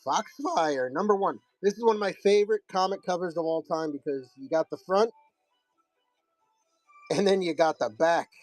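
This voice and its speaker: A man's voice: high-pitched, normal speed, darkish tone, no room sound, soft background music, low-quality recording. A man hosting a live comic sale, telling a rambling, profane story in a casual way.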